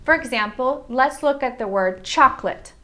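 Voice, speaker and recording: An American woman teaching English pronunciation, slowly modeling and repeating example words. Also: high voice, animated, bright, forceful tone. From United States.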